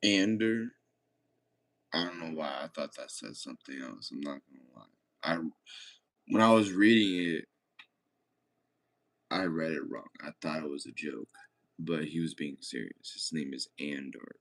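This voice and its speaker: Deep-voiced laid-back young man streaming. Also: lively intonation, unhurried, creaky, pauses often. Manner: laid-back, swears often, rambling. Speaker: streamer reading chat. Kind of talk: casual chat.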